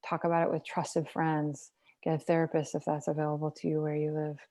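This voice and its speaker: A woman's voice: deep voice, monotone, a little fast, dark tone. A woman from the United States, a holistic health practitioner, giving earnest, blunt advice in casual conversation and swearing freely.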